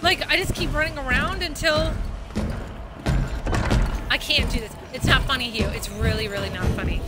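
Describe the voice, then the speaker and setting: A woman's voice: high-pitched, normal speed. A woman playing a horror game on her channel, panicking, swearing, and pleading with the game and a friend. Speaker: gaming host. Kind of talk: let's play commentary. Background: loud game music.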